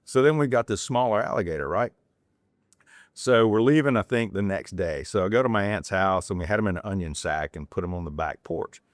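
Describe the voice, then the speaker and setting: A fairly low-pitched man tells loose, rambling stories as a podcast guest, restarting his sentences as he goes. He is from North Carolina and talks in a relaxed, chatty way. The sound is dry, with no room echo. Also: a little fast. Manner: rambling, digressive anecdotes with restarts; acts out quoted people in a raised voice. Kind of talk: casual storytelling.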